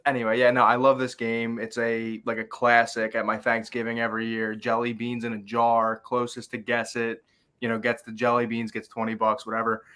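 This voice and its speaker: Bright-voiced rambling man co-host. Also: medium pitch, monotone, a little fast, clear, resonant tone. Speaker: podcast co-host. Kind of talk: casual fan recap chat.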